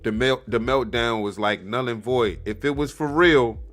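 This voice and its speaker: A man hosting a show, riffing on a replayed clip in casual, slangy commentary, animated and mocking, laughing often. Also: mid-range voice, moderate pace, faint music behind. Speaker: podcast host reacting to a clip.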